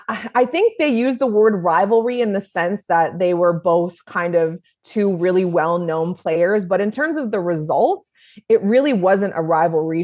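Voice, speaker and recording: A woman's voice: medium pitch, darkish tone. A woman co-hosting a sports podcast, chatting casually and emphatically, laughing and swearing now and then. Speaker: podcast co-host. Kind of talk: casual chat.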